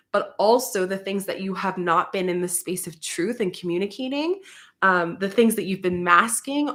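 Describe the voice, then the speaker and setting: Young woman, spiritual guide; earnest, conversational, eases into soft meditation cues; mid pitch. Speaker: spiritual guide and card reader.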